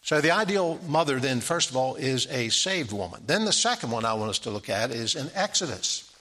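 A man's voice: medium pitch, big pitch swings, a little fast, bright, forceful tone. A middle-aged man preaching a sermon in an easygoing, conversational way, reading scripture aloud.

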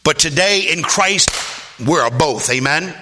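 A male pastor delivering a sermon, swinging between quiet low asides and high, shouted exclamations. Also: expressive, measured pace, background noise. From Philadelphia area.

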